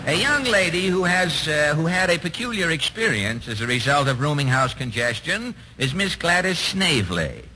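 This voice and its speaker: A man's voice: on the high side, big pitch swings, moderate pace, hardly any pauses, sharp tone, low-quality recording. A man hosting a 1940s radio comedy interview, playing the dry, wry straight man. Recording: hissy old radio broadcast.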